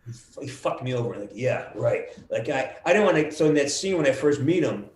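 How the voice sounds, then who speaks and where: A middle-aged man being interviewed over a video call, telling lively stories and acting out the quotes, with some swearing. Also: mid-range voice, fairly quick, a little hiss or hum. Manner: animated storyteller, acts out quotes with swearing. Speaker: voice actor guest. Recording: roomy video call audio.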